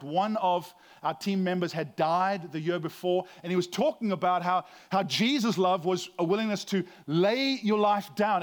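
A middle-aged man, a pastor, giving a conversational sermon with frequent restarts and a self-deprecating humor. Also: high-pitched.

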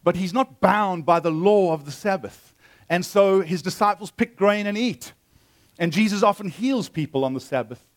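A man preaching a sermon with a booming voice, reading scripture and then explaining it earnestly and emphatically, often restarting his phrases. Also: moderate pace. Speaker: pastor. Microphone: amplified on a sound system.

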